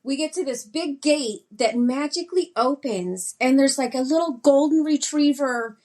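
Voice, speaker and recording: A woman's voice: sits high, moderate pace, a little mellow. A woman guest on a podcast, telling a shared story in a casual, earnest way and finishing her co-guest's sentences.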